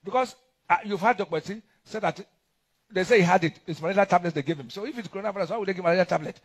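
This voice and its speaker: A middle-aged Nigerian man with a Nigerian accent, preaching a sermon in an animated, mocking way with lots of repetition. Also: high-pitched, rapid-fire, breathy edge. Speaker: pastor.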